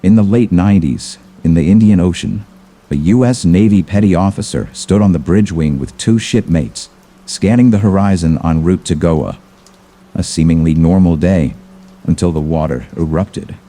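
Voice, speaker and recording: A man narrating a scripted horror story in a measured, ominous manner. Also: low-pitched, warm tone.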